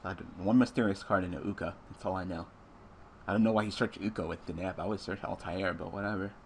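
A man's voice: low-pitched, steady tone, fast, a little hiss or hum. A man commentating a card game he is playing, swearing nonstop and raging at his luck. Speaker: gameplay commentator.

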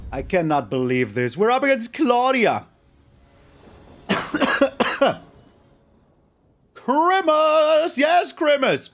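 Animated high-pitched male game commentator. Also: drawn-out words, pauses often. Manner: animated, exclaims and groans at plays. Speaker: gaming channel host. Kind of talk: live gameplay commentary.

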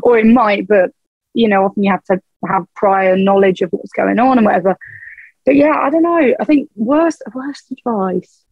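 A woman's voice: medium pitch, normal speed, dry recording, dull audio. A young woman, a band's vocalist, chatting frankly as a podcast guest, laughing often and swearing casually. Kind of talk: casual chat.

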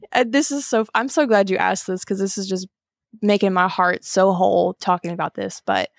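Twenties woman podcast guest, gravelly voice, dry sound, warm and laughy. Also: mid-range voice, moderate pace, no echo. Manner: warm, emotional and laughing often. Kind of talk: podcast interview.

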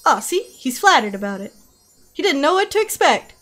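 A woman streaming a video game, chatting casually, giggly and excitable, squealing when something delights her. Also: high-pitched, normal speed, faint music behind. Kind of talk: casual gameplay commentary.

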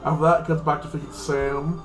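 Rambling man with a higher voice. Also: little pitch movement, fairly quick, reverberant, soft background music, poor audio. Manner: rambling, heavy with fillers like "like" and "freaking". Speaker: channel host reviewing a TV episode. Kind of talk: casual spoken episode recap.

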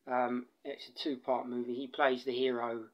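A man's voice: mid-range voice, level tone, normal speed, highs cut off. An Englishman with an English accent giving a casual spoken film review, rambling and digressive, with many fillers and restarts. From England.

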